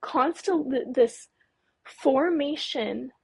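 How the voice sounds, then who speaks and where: A woman in her late twenties from California, a guest recounting a frightening experience in a halting, shaky voice, stumbling over words and apologizing. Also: sits high, creaky, dry recording, rough recording. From California, Mojave Desert. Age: late 20s. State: nervous, voice trembling. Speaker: guest, UFO researcher.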